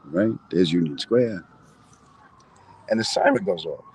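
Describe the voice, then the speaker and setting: A man's voice: deep voice, lively intonation, unhurried, darkish tone, a little hiss or hum, low-quality recording. A middle-aged man, a comedian, chatting casually with viewers outdoors in a city square and telling stories with asides to his audience. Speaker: comedian host.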